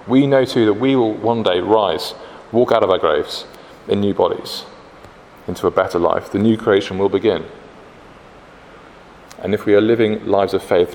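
A man's voice: fairly low pitch, a little mellow. A British man preaching a sermon in a conversational way, with frequent fillers and restarts. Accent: British English. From Britain. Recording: echoey hall, faint background noise.

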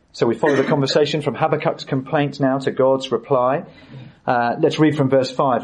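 Husky man preaching a sermon. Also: medium pitch, a little mellow, poor audio. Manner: earnest, halting with frequent fillers. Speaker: pastor.

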